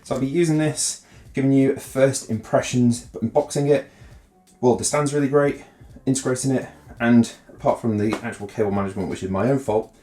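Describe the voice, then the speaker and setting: A man's voice: mid-range voice, brisk, warm tone, soft background music. A man casually talking through unboxing and setting up a monitor, loose and chatty. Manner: chatty, loose, peppered with "kind of". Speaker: tech reviewer. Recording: roomy echo.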